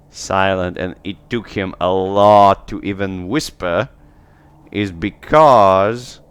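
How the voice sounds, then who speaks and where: A man serves as game master for a tabletop role-playing game, patiently explaining the rules and the story. He speaks slowly, in a low voice with a smooth, clear tone. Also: a bit bright.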